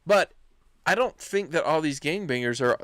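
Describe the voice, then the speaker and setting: A man's voice: a little high, animated, normal speed, fairly bright tone, no room sound, clean studio sound. A man co-hosting a podcast in casual chat, easygoing, laughing along and laying out his theories. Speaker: podcast co-host.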